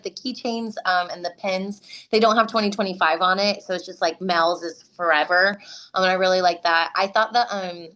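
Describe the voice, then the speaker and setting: Excited woman cohost on a video call, chatty and opinionated. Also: mid-range voice. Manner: enthusiastic, animated opinions. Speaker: podcast co-host. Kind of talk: casual chat.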